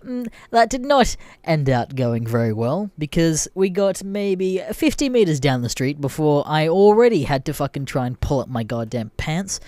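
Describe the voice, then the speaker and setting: A man's voice: fairly high pitch, big pitch swings, normal speed, hardly any pauses, a little mellow, no room sound. A young Australian man hosting a podcast, telling a story casually with lots of swearing and laughter. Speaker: podcast host.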